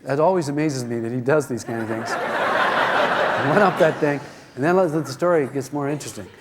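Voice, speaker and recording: A middle-aged man giving a self-help seminar, telling stories in an animated way and acting out the voices in them. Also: mid-range voice, moderate pace, heavy background noise. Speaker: seminar speaker.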